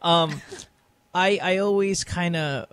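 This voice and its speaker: A man's voice: high-pitched, slow pace, fairly bright tone, slight background noise. A man hosting a podcast in casual chat, brash and joking, cursing freely, speaking American-accented English. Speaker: podcast host.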